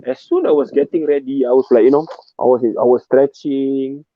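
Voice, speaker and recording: A man with a Malaysian English accent, an emcee telling stories in a casual interview, often repeating words when he gets excited. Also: mid-range voice, normal speed, no room sound. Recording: dry, phone-like narrow sound.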